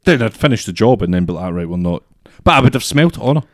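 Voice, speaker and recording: A man's voice: medium pitch, very animated, very fast, no room sound, clean studio sound. A young man co-hosting a podcast, telling stories bluntly and swearing freely. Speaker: podcast co-host. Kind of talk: casual chat.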